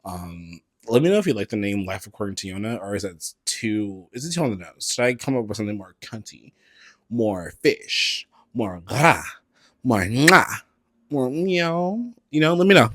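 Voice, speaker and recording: Sassy low-voiced man hosting a podcast. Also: normal speed, dry recording. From San Francisco Bay Area. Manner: sassy, animated, swears freely, with frequent laughs and slang. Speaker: podcast host. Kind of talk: casual solo podcast chat. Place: indoors at a table, on camera.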